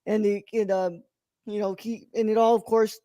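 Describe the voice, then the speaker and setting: A woman's voice: medium pitch, flat delivery, normal speed, mellow, no echo, clean studio sound. A woman co-hosting a podcast, reviewing a film in casual chat, rambling with many restarts and plenty of enthusiasm. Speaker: podcast co-host.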